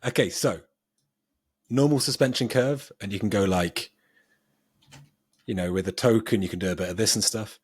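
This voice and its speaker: A man with a low, husky voice talks through his ideas on a casual podcast, circling back with ums and restarts. The recording is dry and close, with no room sound. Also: normal speed, pauses often, no echo. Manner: rambling, self-laughing, thinks aloud with ums. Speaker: podcast co-host.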